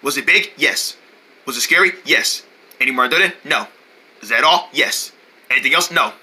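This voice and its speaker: A man's voice: medium pitch, normal speed, pushed and bright, breathy edge. A man voicing several characters in a homemade cartoon, switching between a frantic scared poodle and a grumpy loner.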